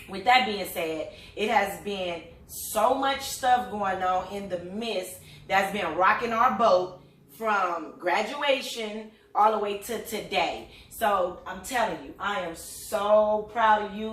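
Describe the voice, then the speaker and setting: Middle-aged mom hosting a chat, rambling animated storytelling, roomy echo, sitting back from the mic. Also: female voice, mid-range voice, recorded from a distance. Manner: animated, chatty storytelling with frequent fillers. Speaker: host. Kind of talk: casual chat. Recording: echoey room, voice a bit off-mic.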